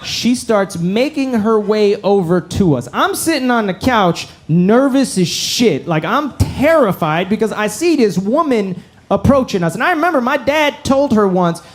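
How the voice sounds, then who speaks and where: A man doing stand-up comedy on a club stage, telling an animated, profane story into a handheld mic. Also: high voice, unhurried. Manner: animated, profane, punchline-driven.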